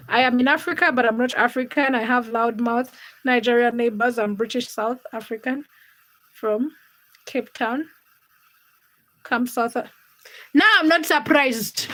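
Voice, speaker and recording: A woman with a high voice hosts a casual livestream from her home. She chats in a gossipy way and addresses her viewers directly, as if they were right there with her. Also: a bit bright. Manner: chatty, gossipy, talks straight to viewers. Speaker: livestream host. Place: home, cooking during livestream.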